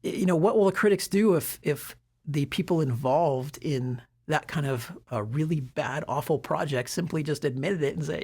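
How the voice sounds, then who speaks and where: A middle-aged man with a husky voice, giving self-development advice in a relaxed, conversational way with frequent fillers and restarts. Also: fairly high pitch, moderate pace. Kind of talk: casual talk to camera.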